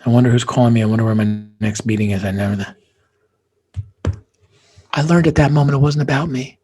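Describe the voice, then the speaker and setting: A man, a guest, telling a personal story with feeling, dropping to hushed near-whispers and rising to intense emphasis. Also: medium pitch, brisk, slightly rough.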